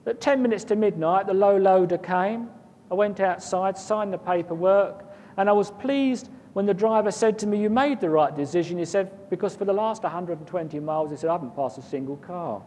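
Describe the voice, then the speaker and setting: A guest recounts a personal experience in a casual, rambling way, often repeating words and chuckling. He's a man with a darkish tone who speaks fairly quickly. The recording has a long reverb and a faint rumble.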